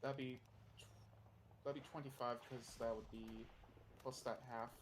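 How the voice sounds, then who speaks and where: A man's voice: mid-range voice, fairly even intonation, measured pace, background noise. Man counting out board game moves. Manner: thinking aloud, counting moves, many fillers. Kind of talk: casual live-streamed game chat.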